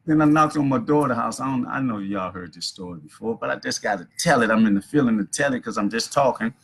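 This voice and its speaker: Middle-aged man, livestream host, rambling preachy storyteller, gravelly husky voice. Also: medium pitch, fast. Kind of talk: casual livestream monologue. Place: at home.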